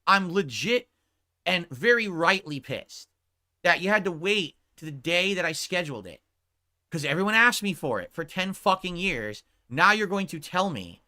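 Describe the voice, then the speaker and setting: A man's voice: sits high, sing-song, a little slow, sharp tone. A male streamer on a heated, profane rant who keeps checking his point with 'right?'. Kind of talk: angry livestream rant.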